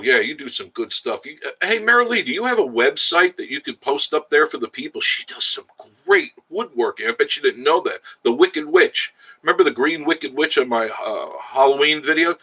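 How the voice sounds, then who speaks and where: Chatty, bright-voiced man live-streaming. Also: mid-range voice, husky. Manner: chatty, jokey, laughs often. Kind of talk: casual live-stream chat reading viewer comments. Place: outdoors in the Smoky Mountains.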